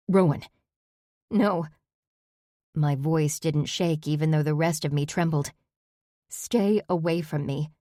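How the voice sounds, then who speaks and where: A woman reading a first-person story aloud as an audiobook narrator, steady and even. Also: low-pitched, no echo, studio quality.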